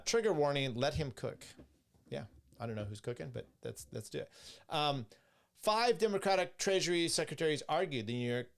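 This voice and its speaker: A man hosting a political podcast, reading articles and viewer questions aloud and commenting in a blunt, rambling way with many restarts and some swearing. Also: mid-range voice. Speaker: podcast host.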